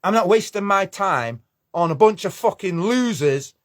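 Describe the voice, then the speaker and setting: A man's voice: high-pitched, expressive, normal speed. A man ranting angrily to camera, swearing and confrontational. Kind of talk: angry video rant.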